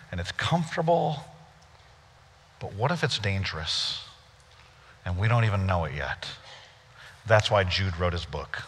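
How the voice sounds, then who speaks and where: A male pastor with a bright, forceful voice, telling a story to his congregation. His delivery is conversational, with playful asides. The sound carries a long reverb from a big church hall. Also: medium pitch. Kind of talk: sermon.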